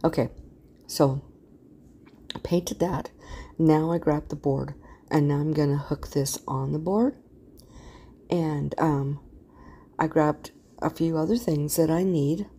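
A woman's voice: deep voice, steady tone, slow pace, long pauses, dark tone, slightly rough. A middle-aged woman casually talking through a craft project in a rambling way, often losing her words. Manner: rambling, loses words, yawns while talking. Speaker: craft channel host. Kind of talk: casual craft tutorial voice-over.

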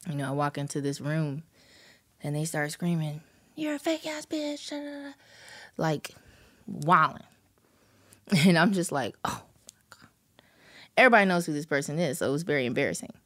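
A woman with a low voice tells a story as a podcast guest. She talks casually and animatedly, and laughs through parts of it. The delivery is loose and conversational.

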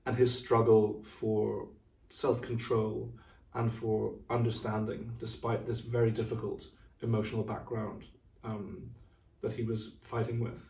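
A man's voice: fairly low pitch, little pitch movement, measured pace, creaky, warm tone, recorded from a distance. Middle-aged man, music director type, thoughtful explainer, room echo, mic a bit off. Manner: thoughtful, explanatory, sings rhythms aloud. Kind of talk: casual chat about classical music. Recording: roomy, from off mic.

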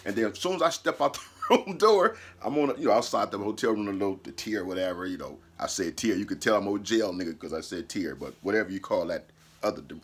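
A man casually telling a personal story, animated and profane, laughing mid-sentence and acting out what people said. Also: lowish voice, quick pace, breathy edge.

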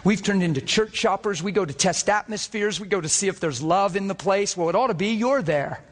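Male preacher, high-pitched voice, fiery rapid-fire sermon delivery in a church. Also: in a large hall. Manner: impassioned, rapid-fire, climbing to near-shouting peaks.

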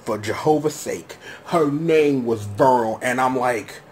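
A man hosting his own casual reaction commentary, slangy and rambling, breaking into high-pitched shouts of disbelief. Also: unhurried, a little hiss or hum. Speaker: show host.

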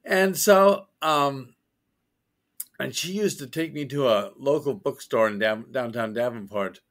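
A man being interviewed as an author, telling childhood stories in a chatty, animated way. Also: mid-range voice, measured pace. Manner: animated storyteller, quotes others with laughs. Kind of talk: casual interview.

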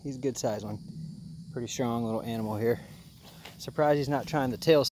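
A man giving casual, joking commentary outdoors by a pond while fishing, excitable and quick to chuckle. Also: medium pitch, a little hiss or hum. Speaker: fishing vlogger.

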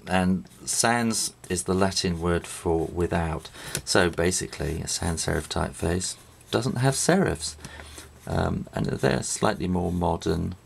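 A middle-aged man with an English accent talks through a drawing lesson in a low, gravelly voice. He rambles and restarts as he works. Faint hiss and the scratch of a pen sit behind him. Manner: rambling, with many fillers and restarts while drawing. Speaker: drawing teacher. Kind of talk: casual drawing tutorial. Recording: faint noise with pen and writing sounds.

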